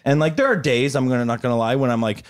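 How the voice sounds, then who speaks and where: A man in his forties, an actor being interviewed, telling stories in a lively casual way and jumping into little voices for the people he quotes. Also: medium pitch, fast, no echo, studio quality. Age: 40s. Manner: animated storyteller, acts out quotes in shifting voices. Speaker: actor guest.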